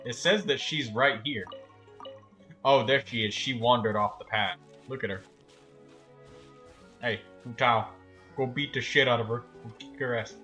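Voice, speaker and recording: A man's voice: medium pitch, unhurried, long pauses, pushed and bright, soft background music. A man streaming a game, chatting casually, swearing and laughing at his own jokes. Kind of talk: casual gameplay commentary.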